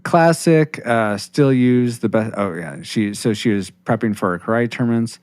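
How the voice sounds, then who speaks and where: A man's voice: mid-range voice, moderate pace, a little mellow, smooth, no room sound. A man hosting a casual podcast, rambling with restarts while reading listener comments on a close mic. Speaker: podcast host.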